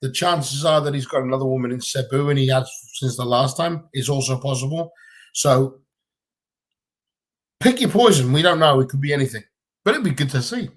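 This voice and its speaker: A man's voice: mid-range voice, brisk. A man with a Gibraltarian accent, chatting bluntly and casually on a livestream Q&A from home, swearing freely. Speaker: livestream co-host.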